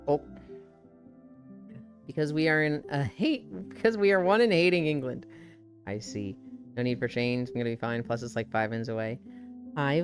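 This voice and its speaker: Young woman, light midwestern accent, low voice, lively swings in pitch, tired casual stream chat, faint music behind. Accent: light Midwestern American. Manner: tired, chatty, swears casually.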